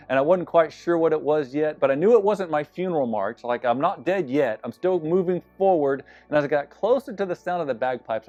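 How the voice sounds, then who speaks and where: A man's voice: on the high side, a little mellow, dry recording. A man preaching as a pastor, telling a personal story in an earnest, confessional way with some self-deprecating humor. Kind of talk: sermon-style personal storytelling. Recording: slightly dull sound with faint music behind.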